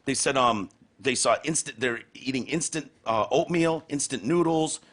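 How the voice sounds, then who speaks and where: A man hosting a podcast, talking in casual, sarcastic, profane, animated chat. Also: mid-range voice, moderate pace. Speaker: podcast host.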